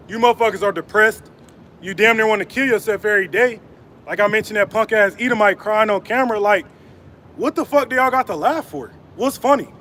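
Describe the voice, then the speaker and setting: High-voiced, mocking male street preacher. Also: slight background noise. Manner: profane and mocking, laughing between taunts; reads scripture slower and louder. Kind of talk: live-streamed street preaching. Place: outdoors on an urban street.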